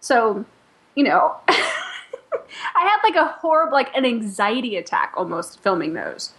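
A woman talks through a story in a loose, chatty way. She peppers her lines with "like" and breaks into laughs. Her voice sits a little high. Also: big pitch swings, measured pace, fairly bright tone. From Chicago. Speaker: podcast guest, company founder. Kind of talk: casual chat.

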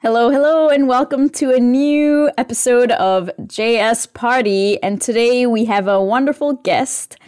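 A woman's voice: fairly high pitch, a little mellow. A woman hosting a tech podcast, chatty and giggly, introducing guests casually. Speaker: podcast host.

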